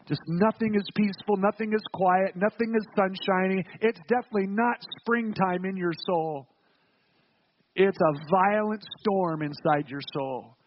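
A man's voice: high-pitched, highs cut off, slight background noise. A man preaching a sermon as pastor, earnest and emphatic, with rhetorical questions and repeated words.

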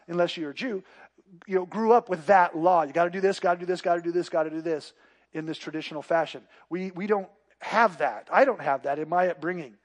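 A man, a pastor, preaching a sermon, moving between quiet, intimate passages and loud, emphatic declarations. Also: a little high.

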